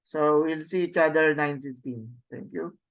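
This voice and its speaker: A man with a Filipino accent teaching a Greek class, halting and repeating words, often adding a questioning "no?". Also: fairly high pitch, creaky, a bit bright. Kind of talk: classroom lecture.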